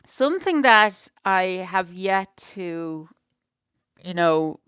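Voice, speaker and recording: A woman's voice: on the low side, lively intonation, slow pace, a bit bright, clean tone, no echo, clean studio sound. A middle-aged woman co-hosting a podcast in casual chat, rambling and frank, dropping lots of "you know"s and the odd swear. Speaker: podcast co-host.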